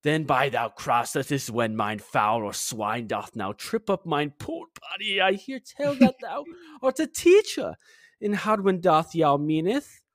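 Man doing a 1500s English farmer, mock German accent, halting, pitch jumping high and low. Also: very animated, no room sound, clean studio sound. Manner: halting, stumbling over archaic words. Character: English farmer man from 1521, old-fashioned, chatty. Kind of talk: reading a message aloud in a put-on voice.

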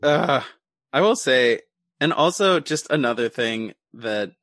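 A man co-hosting a podcast, chatting about a film, animated and swearing freely as he mocks the characters. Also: medium pitch, slow pace, dry recording. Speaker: podcast co-host. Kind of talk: casual chat recapping a film.

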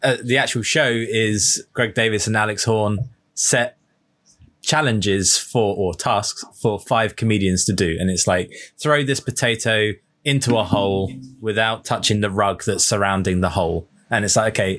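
A man's voice: on the low side, fairly bright tone. A man in casual podcast chat who explains eagerly with examples.

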